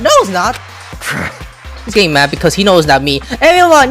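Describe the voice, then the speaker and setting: Excitable high-voiced game reactor. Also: female voice, unhurried, pauses often, over music. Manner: excitable, loud outbursts, swearing. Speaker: gaming YouTuber. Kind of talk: let's play reaction commentary.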